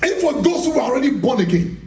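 In an echoey church hall, recorded from a distance, a man with a very high, mellow voice preaches a charismatic sermon, talking fast with big pitch swings. He's emphatic, repeats phrases, throws rhetorical questions at the congregation and laughs often as he speaks.

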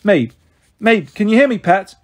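A man's voice: extremely high pitch, sing-song, rapid-fire, pitched above the performer's own voice, full character voice. A man voicing a mother calling out to her daughter in a storybook reading. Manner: calling out loudly, then stammering in disbelief. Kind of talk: storybook read-aloud.

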